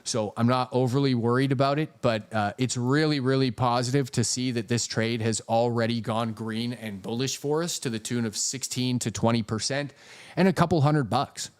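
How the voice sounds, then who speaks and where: A man hosts a casual trading live stream, walking through charts and thanking viewers for super chats. He swears freely and jokes as he goes. His voice sits at an ordinary pitch for a man. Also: normal speed, clean tone. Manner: profane, jokey, reads super chats aloud.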